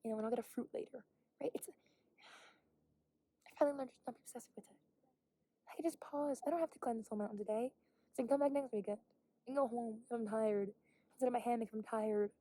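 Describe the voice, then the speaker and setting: On a hiking trail outdoors, a young woman rambles candidly in a casual vlog monologue, cursing a lot and sometimes dropping to a whisper. Her voice sits on the high side and is mellow, with a quick pace and long pauses, and there's no echo.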